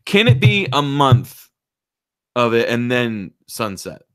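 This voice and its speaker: A man's voice: mid-range voice, sing-song, slow pace, a bit bright, clean tone, dry recording, studio quality. A man co-hosting a podcast in casual chat, joking and playful. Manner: playful, jokey, hums nonsense syllables. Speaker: podcast co-host.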